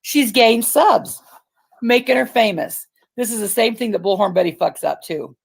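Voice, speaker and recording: A woman chats on a livestream in a blunt, mocking way and swears freely. Her voice is heavily gravelly and husky and sits slightly high. She talks casually. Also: animated, normal speed.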